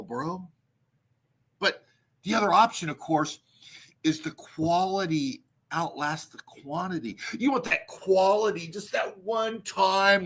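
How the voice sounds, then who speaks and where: Man, livestream host, rambling profane ranter, high voice. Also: sharp tone, husky. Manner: profane, rambling, laughs at own jokes. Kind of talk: casual ranting livestream monologue.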